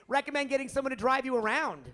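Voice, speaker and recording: Very high, bright-voiced playful man. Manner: playful, excitable, quick to laugh. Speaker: voice actor on a convention panel. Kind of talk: joking panel banter. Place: convention panel stage.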